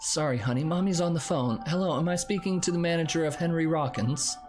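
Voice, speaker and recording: A pushy stage mother complains in an indignant, entitled tone, her voice raised in pitch, with a man doing the voice. She sounds demanding and offended, like a story game's villainous parent. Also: fairly quick, music in the background, natural voice.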